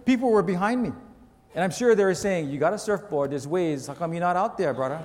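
A man with a high voice preaches a storytelling sermon, lively and poking fun at himself. His voice rings out through the long reverb of a big church hall. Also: fast, slight background noise. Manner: animated storyteller with self-mocking humor. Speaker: pastor.

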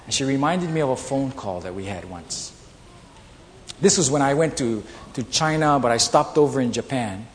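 A man preaching a sermon, telling personal stories with animated delivery and acting out the voices of people in them. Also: mid-range voice, moderate pace, a little hiss or hum. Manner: animated storytelling, acts out quoted voices. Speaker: pastor. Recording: long reverb in a large hall, faint ambience.

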